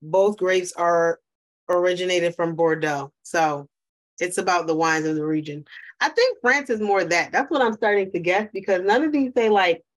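A woman's voice: on the low side, moderate pace. A woman co-hosting a casual podcast, thinking aloud hesitantly about wine. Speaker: podcast co-host. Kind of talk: casual chat.

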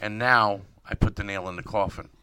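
A man's voice: on the low side, fairly even intonation, a little fast, a crowd in the background. A man hosting a podcast, joking and cursing in casual banter with an announcer-style flair. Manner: profane, jokey, announcer-style. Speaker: podcast host.

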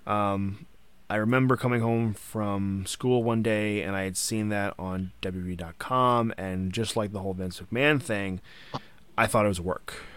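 A man's voice: on the low side, fairly even intonation, unhurried, a bit bright, smooth. A man hosting a casual podcast chat, recounting wrestling history partly from notes. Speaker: podcast host.

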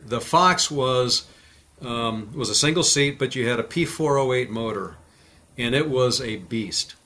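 A man's voice: medium pitch, unhurried. A man, a former fighter pilot, telling stories in a casual interview and acting out the voices in them. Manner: animated, acts out quoted dialogue.

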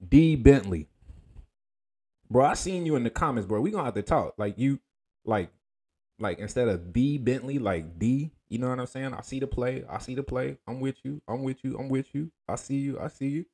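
A man hosting a casual livestream, talking in a laid-back, slangy way and greeting viewers by name with shout-outs. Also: mid-range voice, moderate pace, slightly rough. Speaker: livestream host.

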